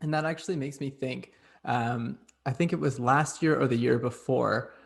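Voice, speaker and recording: A young man hosts a casual chat, his mid-pitched voice carrying a gravelly edge. He talks in an upbeat, loose way, leaning on "like" as he tells his story. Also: steady tone, moderate pace. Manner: chatty, upbeat, lots of "like". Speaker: host.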